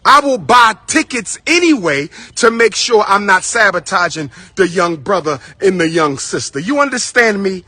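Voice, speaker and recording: High, bright husky man ranting bluntly. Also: animated, moderate pace, few pauses, no room sound. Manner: blunt, emphatic, repeats himself, addresses listeners as brothers and sisters. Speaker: commentator. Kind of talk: direct-to-camera rant.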